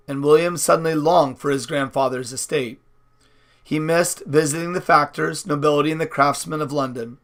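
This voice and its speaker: Bright-voiced man reading a novel. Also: fairly high pitch. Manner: unpolished, with slips and restarts. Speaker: audiobook reader.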